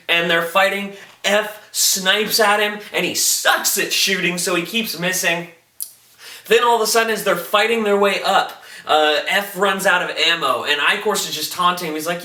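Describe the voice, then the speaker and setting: A young man excitedly recapping a TV episode, acting out the quotes and saying "like" a lot. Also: high-pitched, moderate pace, far from the mic. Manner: animated, acts out quotes, filler "like". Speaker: TV episode reviewer. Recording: echoey room, voice off-mic.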